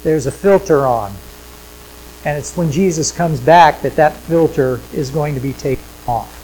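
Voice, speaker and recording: A man's voice: on the high side, moderate pace, slight background noise, poor audio. Man preaching in a conversational sermon. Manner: conversational preaching, swings between loud emphasis and quiet asides; repeats phrases for emphasis. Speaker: pastor. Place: church sanctuary with projection screens.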